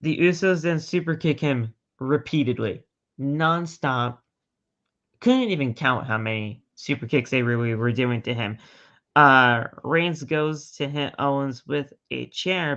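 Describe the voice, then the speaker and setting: A man co-hosting a podcast, retelling a wrestling match in an animated play-by-play way. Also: on the high side. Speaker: podcast co-host. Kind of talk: casual wrestling recap. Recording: dull lo-fi podcast audio.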